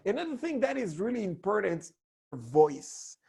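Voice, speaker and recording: A man teaching a lesson on public speaking, hoarse with a cracked voice, talking in an animated way that swoops between high and low tones. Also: unhurried. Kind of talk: online lesson.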